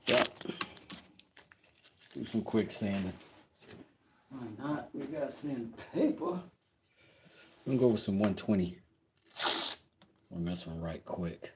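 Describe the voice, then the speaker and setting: Slow, laid-back man chatting at his workbench. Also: lowish voice, noisy background. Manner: laid-back, joking, reads chat aloud. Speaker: maker streaming a craft project. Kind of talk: casual live-stream chat while working.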